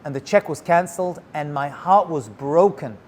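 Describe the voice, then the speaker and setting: A male rabbi telling a story in an animated way, dropping Hebrew and Yiddish words as he goes. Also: on the high side, normal speed. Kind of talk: storytelling talk.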